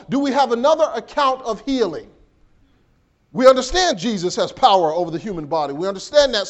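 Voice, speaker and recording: Animated preaching man, high lively voice. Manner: preaching with dramatic swings in pitch and volume; stammers and repeats words when building a point. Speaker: pastor. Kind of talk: sermon.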